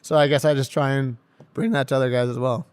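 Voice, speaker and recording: A man, a professional hockey player, telling stories in a casual podcast interview, laughing often and getting loud when excited. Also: medium pitch, fast, clean tone. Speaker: pro hockey defenseman guest.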